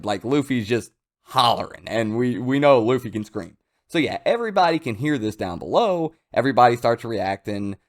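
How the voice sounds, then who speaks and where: A man giving casual, excitable commentary as a comics reviewer. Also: medium pitch. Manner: excitable, animated, hyped. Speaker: manga reviewer.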